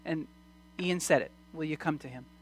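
A preacher giving a sermon, reading scripture slowly and swinging between hushed and loud emphasis, with frequent restarts. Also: medium pitch, husky. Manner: reads scripture aloud slowly.

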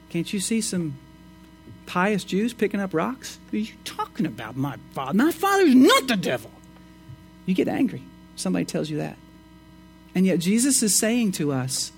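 A man preaching a sermon, reading scripture and explaining it with emphatic rises and quiet asides. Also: creaky. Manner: expressive, swings between emphatic rises and low asides. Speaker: pastor.

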